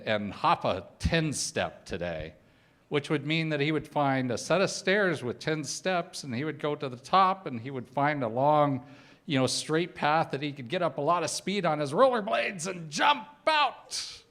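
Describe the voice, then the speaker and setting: Middle-aged male speaker, conversational sermon, lively pitch, wry humor. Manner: conversational storytelling with humorous asides. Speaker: spiritual speaker. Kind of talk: personal sermon talk.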